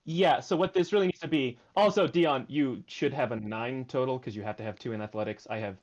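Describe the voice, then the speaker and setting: A man's voice: medium pitch, a little fast, lo-fi sound. A man running a tabletop game as game master, explaining the rules and thinking aloud.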